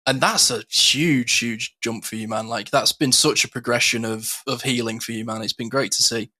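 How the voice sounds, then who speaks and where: A man talks in a casual podcast chat, his voice bright and forceful. He keeps it chatty, full of fillers, and often slips into quoting the people he talks about. His pitch sits in an ordinary middle range for a man. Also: steady tone, moderate pace. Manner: chatty, acts out quoted exchanges, frequent fillers. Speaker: podcast co-host.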